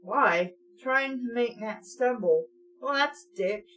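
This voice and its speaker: A woman's voice: on the high side, animated, takes it slowly, fairly bright tone. A young woman reading a children's horror book aloud and interrupting it with sarcastic, mocking asides. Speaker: book reader and commentator. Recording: distant mic with faint hum.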